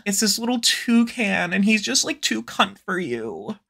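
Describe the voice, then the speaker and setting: A campy, foul-mouthed man chatting through an unboxing of his own art pins. His voice is bright and sharp, and his pitch jumps all over the place. He gasps and squeals as the pieces come out. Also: unhurried, vocal fry, few pauses. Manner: campy, sassy, heavy swearing, squeals with excitement. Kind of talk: casual unboxing vlog.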